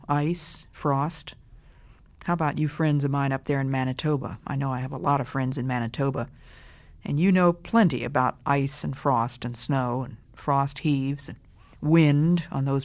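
A woman's voice: low-pitched, darkish tone. An older woman giving a radio devotional talk, earnest and conversational, asking listeners direct questions. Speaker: radio Bible teacher.

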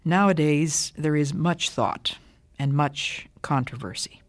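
Older lady doing a radio bible talk, low voice, dry close sound. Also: dry recording. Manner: measured, deliberate, emphatic delivery. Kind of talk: scripted radio devotional talk.

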